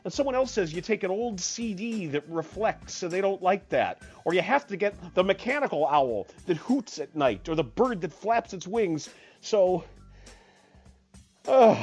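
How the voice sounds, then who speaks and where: A husky, slightly breathy storyteller whose pitch swings widely as they rant. They tell the story with comic exasperation and act out every voice in it. Faint music plays behind them. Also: a little mellow.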